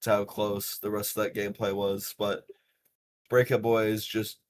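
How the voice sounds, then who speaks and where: A young man with a lowish voice tells tournament and bus stories in a loose, animated podcast chat, swearing freely and filling gaps with "like" and "uh". A faint rumble sits under the recording. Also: measured pace. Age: young adult. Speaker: podcast host. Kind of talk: casual podcast storytelling.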